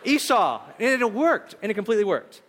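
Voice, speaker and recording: A male pastor preaching a sermon, retelling a story in an animated, conversational way. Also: a little high, moderate pace. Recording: long hall reverb.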